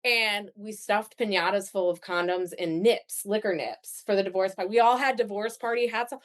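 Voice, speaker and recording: A woman's voice: mid-range voice, normal speed. A woman in her thirties, a podcast guest telling her own story in a casual, chatty way with plenty of fillers. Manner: chatty, animated, lots of fillers.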